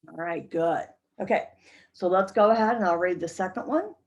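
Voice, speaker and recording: A woman's voice: on the low side, normal speed, a little mellow, lo-fi sound. A woman teaching an English pronunciation lesson to a class, carefully modeling short sentences for learners to repeat.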